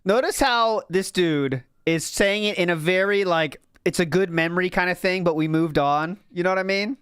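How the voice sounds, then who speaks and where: A man's voice: high voice, normal speed, a bit bright, clean tone, no room sound, studio quality. A man hosting a stream watch party, reacting with sarcastic, mocking commentary and frequent laughter. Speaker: stream host.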